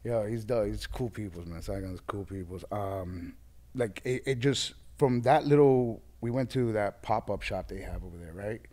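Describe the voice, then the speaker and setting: A lower-voiced man tells stories in a relaxed interview. He is animated and acts out the voices of the people he quotes. His pitch stays on the low side. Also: moderate pace. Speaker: guest DJ. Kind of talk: casual storytelling interview.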